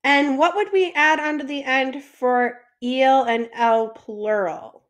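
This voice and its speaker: Slow, high-voiced woman teaching French. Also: fairly even intonation. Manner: patient, asks questions then answers them. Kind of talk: classroom lesson explanation.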